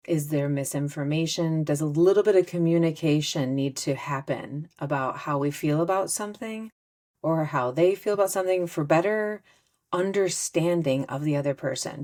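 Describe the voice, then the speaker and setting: A woman hosting a solo self-help podcast, talking in an earnest, gently conversational way and often acting out example conversations. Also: deep voice. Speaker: podcast host.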